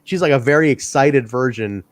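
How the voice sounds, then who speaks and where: A man hosting a casual wrestling review podcast, excitable and laughing often as he tells stories. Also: mid-range voice, normal speed, dry recording. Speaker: podcast host.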